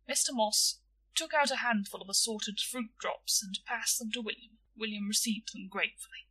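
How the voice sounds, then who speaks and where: A woman narrating a storybook in a lively, expressive reading. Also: a little high, moderate pace, slightly rough, recorded from a distance, low-quality recording.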